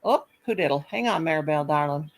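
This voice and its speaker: Older woman, gravelly voice, low-pitched, chatty and affectionate livestream host. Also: lively intonation, fairly quick, slight background noise, rough recording. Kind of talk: casual chat.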